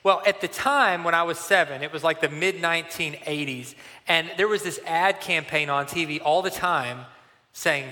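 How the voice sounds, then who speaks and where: A man in his forties preaches a conversational, animated sermon, leaning into a story from the pulpit. His voice sits a bit high and rings bright and forceful. Long reverb from the big church hall trails behind him. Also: normal speed. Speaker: pastor.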